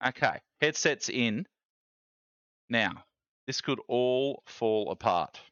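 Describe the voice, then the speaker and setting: A man's voice: mid-range voice, expressive, slow, a bit bright, no echo, highs cut off. A man streaming live, chatty and self-mocking, thinking aloud while he fiddles with his gear.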